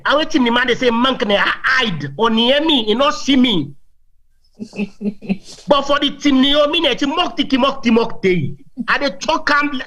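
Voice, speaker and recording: A man's voice: very high-pitched, expressive, moderate pace, pushed and bright. A man with a Sierra Leonean Krio accent, a talk show guest telling boastful stories with laughs and many repeated words. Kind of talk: animated anecdotal storytelling.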